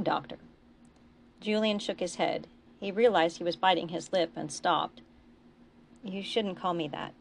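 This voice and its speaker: Low, gravelly woman reading fiction. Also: slight background noise. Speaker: author reading her fiction. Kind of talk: reading a novella aloud.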